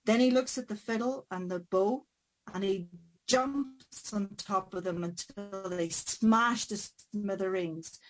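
A woman storyteller spins a folk tale aloud, with a mid-pitched voice. She stretches key moments slowly and rushes through others for drama. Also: poor audio. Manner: dramatic, varied pacing. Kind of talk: oral folk tale telling.

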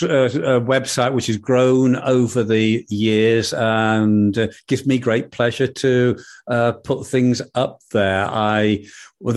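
An older man, a professional storyteller, telling a folk tale and then chatting in an interview with measured, hesitant speech. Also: lowish voice. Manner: measured, hesitant with many fillers. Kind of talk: oral storytelling and interview chat.

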